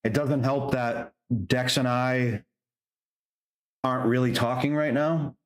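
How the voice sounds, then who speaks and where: A man hosting a casual livestream, reading out viewer messages and answering them in a halting way with many ums. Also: medium pitch, level tone, reverberant, rough recording. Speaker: livestream host reading chat.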